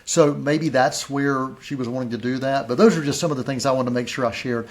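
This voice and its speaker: A man's voice: mid-range voice, a little fast. A middle-aged man hosting a film review show, speaking casually with frequent restarts. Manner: stammering restarts, conversational. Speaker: film critic host.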